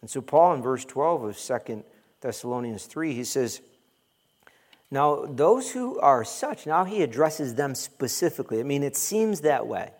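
Pastor, male, mid-pitched, conversational sermon with humor. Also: expressive, normal speed, darkish tone. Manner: conversational, humorous, mimics complainers.

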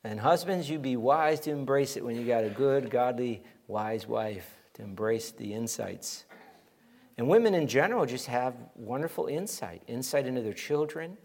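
A middle-aged man preaching a sermon as pastor, animated and emphatic, acting out quoted voices. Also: mid-range voice, normal speed.

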